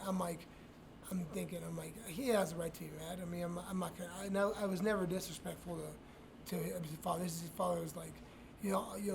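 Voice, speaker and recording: Middle-aged man, high gravelly voice, profane rambling storyteller, faint room noise. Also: little pitch movement, a little fast. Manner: profane, rambling, frequent restarts and laughs. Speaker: retired MMA fighter telling stories. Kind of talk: casual storytelling interview.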